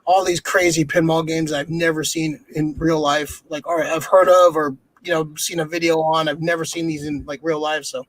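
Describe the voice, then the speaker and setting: A man's voice: a little high, flat delivery, moderate pace, hardly any pauses, a bit bright, rough recording. A man co-hosting a casual podcast, talking loosely with lots of swearing and fillers. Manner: loose and profane, many fillers. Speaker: podcast co-host. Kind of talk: casual chat.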